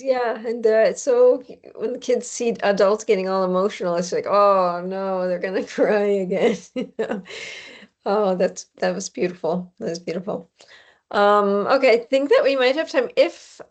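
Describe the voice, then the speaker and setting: Woman moderator, casual and affirming, mid-pitched voice. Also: a little mellow. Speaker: discussion moderator. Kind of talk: casual discussion.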